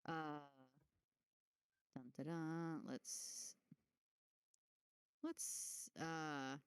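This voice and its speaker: A woman's voice: sits low, steady tone, very slow, clean tone, no echo, studio quality. A woman playing a tabletop role-playing game, describing things hesitantly with many fillers and laughing often. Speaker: player. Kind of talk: tabletop role-play chat.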